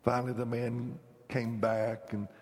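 Preacher man, sermon style, slow deliberate delivery, long reverb from a church hall. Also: medium pitch, level tone. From North Carolina. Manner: emphatic revival preaching, swinging from shouts to hushed whispers. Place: church sanctuary.

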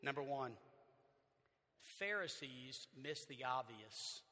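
A male pastor with a Southern accent preaching a sermon in a church, animated, swinging from loud to hushed. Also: medium pitch, takes it slowly. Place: church sanctuary. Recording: long church reverb.

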